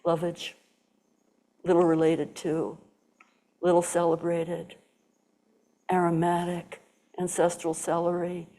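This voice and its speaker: An older woman tells a personal story to a gathered audience, in a low and mellow voice. She acts out the voices of the people she quotes, and now and then drops to a whisper. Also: completely flat delivery, slow, long pauses. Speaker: Zen teacher giving a talk. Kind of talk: storytelling dharma talk.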